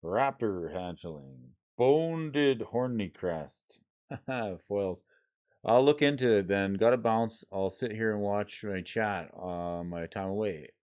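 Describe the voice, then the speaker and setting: Man, low voice, casual streamer, reads card names and rules aloud, chats with viewers, dull lo-fi audio. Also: lively intonation, takes it slowly, darkish tone, clean tone. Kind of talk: casual livestream chat while sorting cards.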